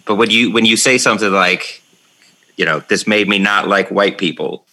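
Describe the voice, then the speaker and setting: A man hosting a casual interview, speaking haltingly with lots of fillers. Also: on the low side, pushed and bright. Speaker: podcast host.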